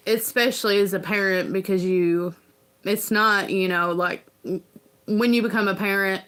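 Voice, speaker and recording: A woman's voice: medium pitch, a bit bright. Earnest rambling woman. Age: adult parent. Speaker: livestream host. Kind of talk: casual livestream chat.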